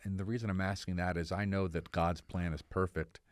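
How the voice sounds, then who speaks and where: A man's voice: sits low, fairly even intonation, brisk, no room sound. A male podcast host asking long reflective questions and affirming his guest. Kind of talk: interview conversation. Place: podcast studio.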